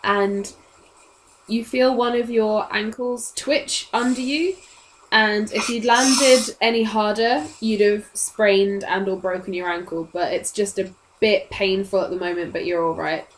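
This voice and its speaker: A woman's voice: medium pitch, fairly even intonation, measured pace, low-quality recording. A woman, narrating casually as the game master of a tabletop game. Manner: casual, chatty, laughs often.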